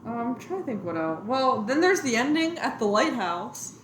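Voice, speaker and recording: A young woman co-hosting a podcast, chatting about a movie in a relaxed, agreeable way. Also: on the high side, normal speed. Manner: agreeable, relaxed, lots of short backchannels. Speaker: podcast co-host. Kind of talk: casual movie chat. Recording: roomy with faint background noise.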